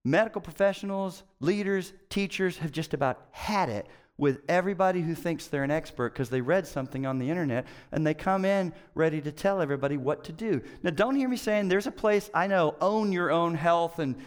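A middle-aged male pastor delivering a conversational sermon, his voice smooth and resonant and pitched a little high for a man. He tells stories with animated swings, punching some words loudly and dropping others to a hush. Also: fairly quick, big-room sound. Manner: conversational storytelling, animated swings from loud to hushed.

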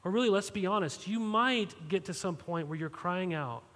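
A man preaching a sermon, his fairly high voice carrying through a long hall reverb. He speaks plainly and directly to the congregation, asking questions and tagging lines with "right?". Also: normal speed, fairly bright tone. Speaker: pastor. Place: church sanctuary.

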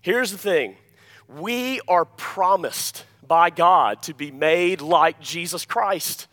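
A pastor preaching a sermon, emphatic, often asking the congregation "Amen?" and dropping to quiet asides between louder points. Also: male voice, animated, takes it slowly. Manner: emphatic, repeats key phrases, calls "Amen?" to the congregation; swings between loud emphasis and quiet, low-voiced asides.

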